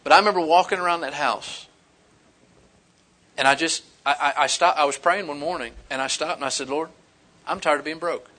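A middle-aged man preaching a sermon as pastor, animated and folksy, mixing scripture with humorous personal stories. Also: on the high side, brisk.

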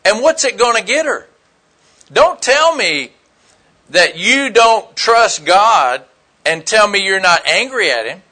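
Male preacher, straight-talking storyteller with a high, ringing voice. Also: big pitch swings, slow, bright, forceful tone. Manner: blunt, folksy storytelling with rhetorical questions. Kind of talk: conversational sermon.

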